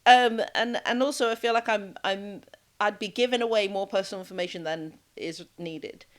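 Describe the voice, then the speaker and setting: A woman's voice: medium pitch, moderate pace. A woman from Jamaica with a British accent, co-hosting a podcast in casual chat and checking in with her listeners as she goes. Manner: conversational, checks in with "all right?". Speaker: podcast co-host.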